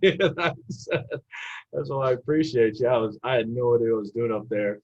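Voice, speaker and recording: A man's voice: medium pitch, fast. A young man, an assistant basketball coach, telling stories in a casual podcast interview and acting out the people he quotes. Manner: animated storyteller who acts out the people he quotes. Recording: dull lo-fi podcast audio.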